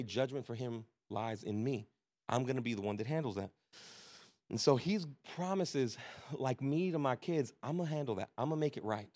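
Casual, lively man preaching a sermon. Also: mid-range voice. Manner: casual, conversational preaching with slang and laughter. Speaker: pastor. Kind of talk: sermon with storytelling.

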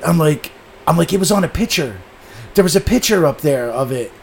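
A man's voice: on the high side, lively intonation, a little fast, slight background noise. A man telling a long story in a casual podcast chat, swearing often and animatedly acting out what people said.

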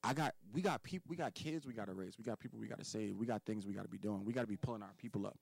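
A man's voice: fairly low pitch, racing, creaky, slightly rough, dry recording, poor audio. A man from Philadelphia, a podcast guest giving life advice in casual conversation, emphatic and profane, hammering points home by repeating words.

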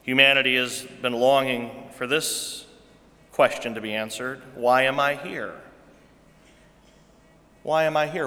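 Slow, bright-voiced male preacher in a hall. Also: medium pitch, steady tone. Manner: repeats rhetorical questions, swings between hushed and loud. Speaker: pastor. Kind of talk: sermon.

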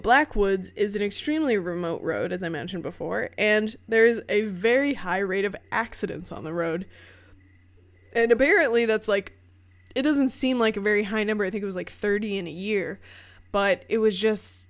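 A woman's voice: mid-range voice, normal speed. A woman telling ghost stories in casual podcast chat, with frequent fillers and free swearing. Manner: chatty, swears freely, many fillers like "like".

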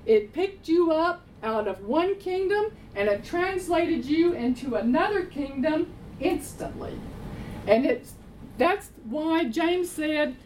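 A woman's voice: sits high, lively intonation, takes it slowly, a little mellow, slight background noise, poor audio. A woman preaching a sermon, emphatic, repeating her phrases and answering her own questions.

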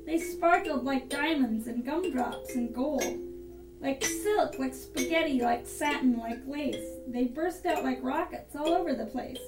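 A woman reading a rhyming storybook aloud in a sing-song, animated rhythm over improvised music. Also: high-pitched, a little slow. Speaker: reader. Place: house room. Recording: echoey room, mic far off, with instrument playing.

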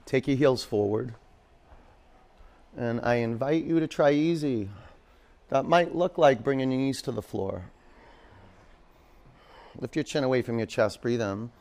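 A man's voice: mid-range voice, expressive, unhurried, pauses often, darkish tone. Man, yoga teacher, live class, chatty jokey asides, pose cues, studio.

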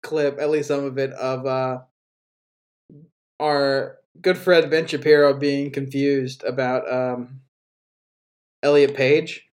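A man's voice: mid-range voice, little pitch movement, takes it slowly, pauses often, darkish tone. A man hosting a casual podcast, joking and swearing, who quotes people in mocking voices. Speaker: podcast host.

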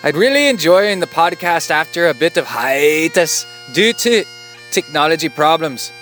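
A man's voice: fairly high pitch, lively intonation, moderate pace, faint music behind, pitched above the performer's own voice. A man putting on a hammy Scottish brogue. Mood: hammy cheerful. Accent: put-on Scottish. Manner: loud, exaggerated, hammy. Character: cheerful male Scottish triathlete emailer. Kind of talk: comic reading of a listener email.

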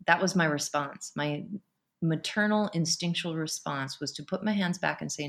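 Guest, female, low voice, heartfelt storyteller who laughs easily. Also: moderate pace. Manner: emotional, animated storytelling with laughs. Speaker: podcast guest. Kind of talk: personal storytelling interview.

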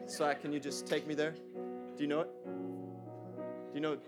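A man preaching an energetic sermon in a church, using casual slang and calling out to the congregation. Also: on the high side, a little slow, over loud music.

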